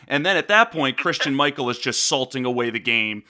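A man hosting a casual sports discussion, excitable and swearing, steering the conversation between guests. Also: mid-range voice, fairly quick. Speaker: podcast host.

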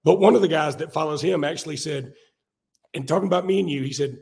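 A hoarse man co-hosting a casual sports podcast, animated and laughing at himself. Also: fairly high pitch, fast. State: hoarse from illness. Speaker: podcast co-host.

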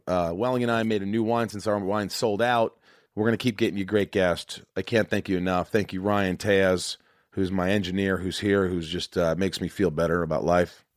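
A man's voice: on the low side, no room sound. A man hosting a podcast in casual chat, talking earnestly and profanely with many restarts, on a studio mic. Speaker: podcast host.

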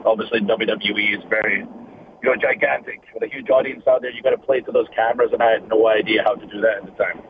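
A Scottish man in his thirties tells his story earnestly and quickly. His voice comes down a narrow, tinny phone line with a faint hiss behind it. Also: lowish voice, steady tone. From Scotland. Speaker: guest wrestler. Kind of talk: casual interview over the phone.

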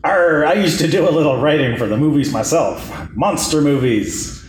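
A seedy, lazy bell captain growls his lines like a pirate, as a man puts him on. The voice sits in a mid-high register and echoes through a room over faint background noise. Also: moderate pace, natural voice. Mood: boastful. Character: seedy slothful fifty-year-old male bell captain. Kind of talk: comedic script table read.

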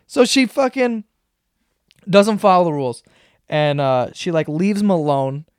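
A young man with a fairly high voice rants on his own podcast, swearing often and jumping between asides. The sound is close and dry, with no room around it. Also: measured pace, clear, resonant tone, dry recording. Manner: profane, rambling, animated retelling. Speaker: podcast host. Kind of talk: solo comedic rant.

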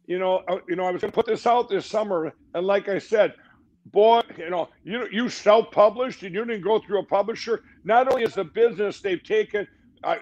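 This high-pitched, darkish-toned voice belongs to a middle-aged man who is a talk show guest. He talks fast and rambles with emphasis, restarting often, and the recording sounds dull and lo-fi.

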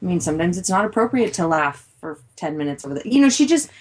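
A woman's voice: on the low side, very animated, fast talker. A woman in her thirties, co-hosting a casual talk show and speaking in a reflective way. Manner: reflective, soft-spoken musing. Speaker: co-host. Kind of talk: casual chat.

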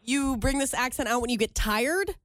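Chatty woman radio cohost, bit high voice, dry close mic. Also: lively intonation, normal speed, a bit bright, no echo. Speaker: radio show co-host. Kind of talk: casual chat.

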